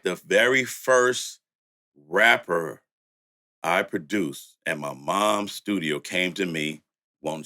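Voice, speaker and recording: Low-voiced middle-aged producer guy, southern country accent, laid-back, laughs while he tells stories. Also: sharp tone. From Louisiana, raised in the Bay Area. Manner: laid-back, laughing, acts out quotes with rising pitch. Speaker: music producer, guest. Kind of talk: storytelling interview.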